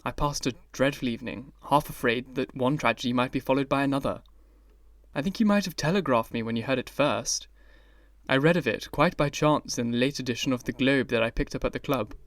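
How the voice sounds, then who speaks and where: A man's voice: mid-range voice, fairly quick, dry recording, lightly acted. A man reading the part of an earnest older painter in an audiobook, grave and pleading. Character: grave, anguished male painter friend.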